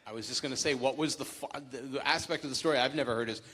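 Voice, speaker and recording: A man interviewing a guest, asking casual questions quickly and with some stumbles. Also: medium pitch, fairly bright tone, husky.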